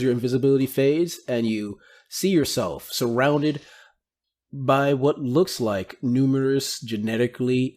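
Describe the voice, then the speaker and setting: A man narrating a tabletop game as game master, describing scenes with quick asides. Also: medium pitch, darkish tone.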